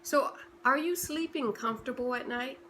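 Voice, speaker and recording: Bright, passionate motivational woman speaker. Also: sits high, normal speed, a little hiss or hum. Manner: passionate, repetitive rhetorical questions. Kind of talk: motivational talk.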